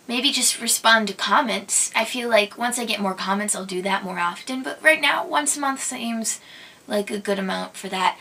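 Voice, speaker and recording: A woman's voice: on the high side, bright, forceful tone. A young woman from Minnesota hosting her own vlog, chatting casually and answering viewer questions, giggly and hesitant with plenty of ums. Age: young adult. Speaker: vlog host. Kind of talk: casual chat.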